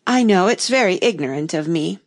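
A woman's voice: fairly low pitch, animated, a little fast. A woman voicing a polite, curious seven-year-old girl in a storybook reading. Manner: polite, earnest. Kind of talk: audiobook reading.

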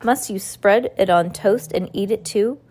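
A woman reads the part of a nervous, theatrical male jester locked in a dark cell. He rambles in rhymes and bad puns, fretting about his own sanity. The delivery is storybook read-aloud, close to her own voice. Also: medium pitch, measured pace, close to an everyday voice. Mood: theatrical, fretful. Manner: rhyming, pun-loving, theatrical ramble. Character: anxious, rambling male court jester prisoner.

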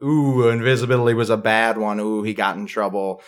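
A man's voice: fairly low pitch, level tone, a little fast. A man playing a tabletop game, describing his character in a casual, rambling way. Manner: casual, laughing asides. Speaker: player.

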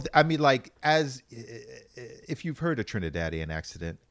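A man co-hosting a casual podcast chat, telling stories in a rambling, animated way with frequent restarts. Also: mid-range voice, moderate pace, few pauses, dry recording, studio quality.

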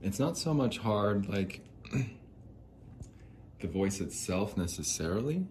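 Deep-voiced man rambling on his podcast. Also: sing-song, slow pace, darkish tone, slight background noise, poor audio. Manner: rambling, jokey, self-deprecating. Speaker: podcast host. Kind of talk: rambling solo podcast talk.

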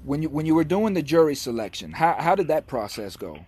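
A man's voice: fairly high pitch, big pitch swings, brisk, darkish tone, husky. A man interviewing a guest in a loose, casual way, often calling him "man". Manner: loose, calls the guest "man", trails off and restarts.

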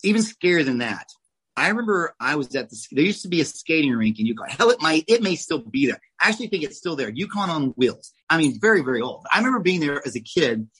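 Man, forties, from Oklahoma, slightly raspy voice, animated storyteller, casual guest. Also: fairly high pitch, fast, poor audio. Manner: animated, swears, acts out quoted voices. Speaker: guest, oral surgeon.

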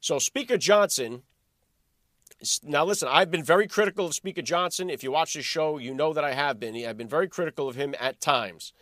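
A man hosting his own political podcast, talking in a high, animated voice that leans hard on sarcasm and rhetorical questions. The sound is close and dry, with no room around it. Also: a little fast, no room sound. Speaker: podcast host. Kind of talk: political commentary monologue.

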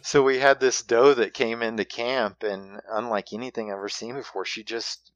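A man casually telling a hunting story in a halting way, with many restarts and fillers. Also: mid-range voice, fairly even intonation, muffled recording.

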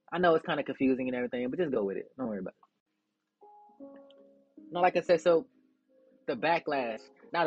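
Profane, defiant young man, husky voice. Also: high voice, a bit bright, highs cut off. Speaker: podcast host. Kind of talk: casual rant to listeners.

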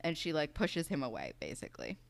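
A woman's voice: sits low, huge pitch swings, fairly quick, creaky, no echo, studio quality. A young woman co-hosting a casual chat, talking loosely with lots of "like" and quoting characters. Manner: chatty, many "like"s and fillers, quotes characters. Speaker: podcast co-host.

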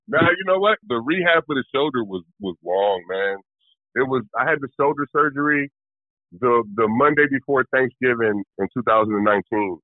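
A retired pitcher in his forties, a man talking candidly and loosely in a casual interview, with lots of fillers. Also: normal speed, dry recording. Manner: relaxed, candid, rambling with fillers. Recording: tinny phone-like line.

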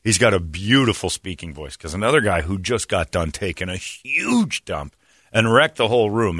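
A man with a low but bright voice tells a comic story, rambling and animated and laughing as he goes. His pitch swings widely, and the recording is close and dry. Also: moderate pace, no echo. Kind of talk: comedic storytelling.

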